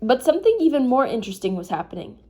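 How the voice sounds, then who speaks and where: A woman's voice: high voice, big pitch swings, fast, darkish tone, breathy edge. A sleepy woman reading a novel aloud in a casual, informal way, stopping now and then to comment. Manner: informal, breaks off to apologize and comment. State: sleepy, yawning. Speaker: reader.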